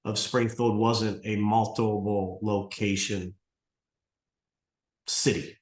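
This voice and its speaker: A man's voice: on the low side, fairly even intonation, slow. A man in his sixties talks through a long story in a casual interview, wandering and restarting as he goes. He acts out both sides of past conversations, and a roomy echo hangs around his voice. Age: 60s. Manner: rambling, restarts often, acts out dialogue. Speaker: martial arts school owner, guest.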